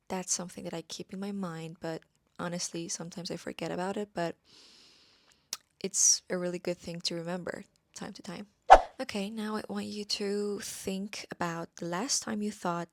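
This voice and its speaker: A young woman hosting a reflective solo podcast, talking in a soft, musing way that sometimes drops to a whisper. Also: mid-range voice, dry recording, studio quality. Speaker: podcast host.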